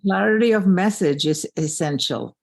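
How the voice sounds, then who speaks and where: Brief: man with a gravelly voice, community president, measured and appreciative. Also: high voice, lively intonation, darkish tone. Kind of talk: short remarks at an online meeting.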